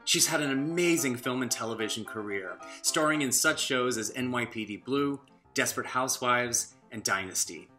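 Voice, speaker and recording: Male announcer, polished scripted intro, bright forceful voice, faint guitar. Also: medium pitch, moderate pace.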